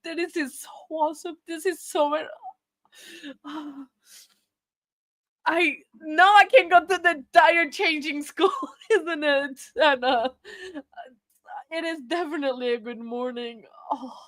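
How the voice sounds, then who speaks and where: A woman hosting a casual livestream, tearful and laughing as she thanks her viewers, halting and repeating herself. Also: high-pitched, no room sound. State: crying. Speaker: livestream host.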